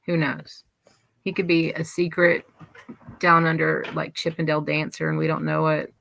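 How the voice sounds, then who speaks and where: Southern woman host, gravelly edge, bright tense tone, rambling casual chat. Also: deep voice, completely flat delivery, moderate pace, slight background noise. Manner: rambling, chatty, wandering asides. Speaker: livestream host.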